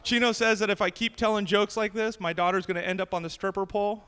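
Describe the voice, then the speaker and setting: Brash high-voiced male stand-up comic. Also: steady tone, fast talker, in a large hall, a crowd in the background. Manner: brash, punchy joke delivery. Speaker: stand-up comedian. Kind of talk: stand-up comedy set. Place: comedy club stage with live audience.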